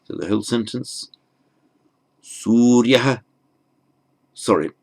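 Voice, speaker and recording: A man with a deep, gravelly voice teaches a language lesson at an unhurried pace. He spells out each term patiently and often pauses with ums and small restarts as he explains. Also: expressive. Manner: patient, explains slowly, spells out terms carefully. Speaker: Sanskrit teacher.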